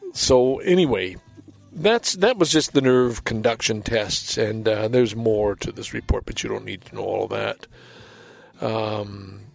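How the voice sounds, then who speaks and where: Older male solo podcaster, seventies, gravelly mid-pitched voice, rambling and self-deprecating. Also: a little mellow. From Canada. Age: 70s. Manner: rambling, self-deprecating, reads aloud and comments with chuckles. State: walks with a walker. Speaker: podcast host. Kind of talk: casual solo monologue.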